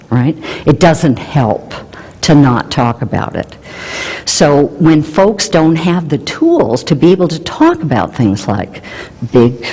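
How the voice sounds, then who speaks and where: A woman explaining relationship research in an animated way, mixing in playful personal anecdotes. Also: deep voice, slightly rough, long reverb tail. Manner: animated, warm storytelling with playful emphasis.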